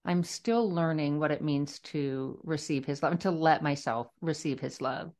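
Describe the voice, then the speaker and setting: Low-voiced woman telling her testimony. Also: normal speed, a little mellow. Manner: earnest, reflective storytelling with many restarts. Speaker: guest author sharing her testimony. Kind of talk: personal testimony in a podcast interview.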